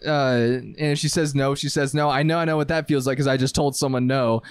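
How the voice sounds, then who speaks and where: A man's voice: mid-range voice, a little fast, clean tone, dry recording. Young male co-host, easygoing rambler, dry close sound. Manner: relaxed, rambling with fillers. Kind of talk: casual chat.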